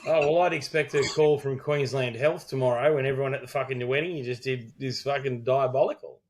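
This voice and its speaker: A man's voice: medium pitch, fairly even intonation, brisk, darkish tone. A middle-aged Australian man, a wedding celebrant, co-hosting a podcast and telling a rambling story full of quoted dialogue and swearing. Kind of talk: casual storytelling chat.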